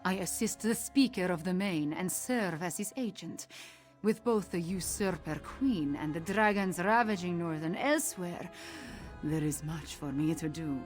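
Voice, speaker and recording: Cat-folk spy lady, voiced by a woman, rolls her r's, fed up and bitter, lowish voice, faint game music. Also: a little slow, lightly acted. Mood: determined. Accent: exotic rolled-R accent. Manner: bitter, exasperated. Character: weary feline female diplomat and spy.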